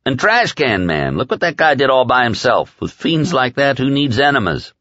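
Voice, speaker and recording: A man's voice: mid-range voice, very animated, normal speed, a bit bright, no echo, lo-fi sound, pitched above the performer's own voice. A man reading aloud and voicing a crude, boozy male henchman who talks in a rambling, profane, folksy way. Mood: griping.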